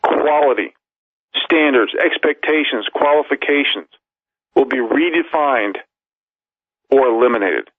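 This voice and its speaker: A man's voice: mid-range voice, a little slow, long pauses, no echo. A man giving emphatic talk radio news commentary, reading articles aloud and stacking up long lists of points. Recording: tinny phone-line audio, dry.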